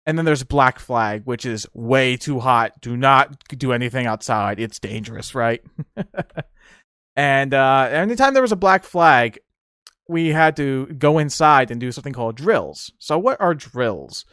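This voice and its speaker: A young man from the United States hosting a podcast, telling stories in a casual, animated way and often laughing. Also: mid-range voice, unhurried, clean tone, no echo, clean studio sound. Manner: animated, laughs often, acts out yelling drill instructors. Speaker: podcast host. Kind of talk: casual solo storytelling.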